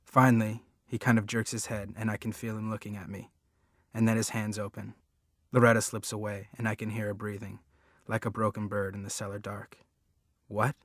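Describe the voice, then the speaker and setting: Man narrating a first-person novel, earnest, low and level. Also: flat delivery, brisk, dry recording, studio quality. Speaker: audiobook reader.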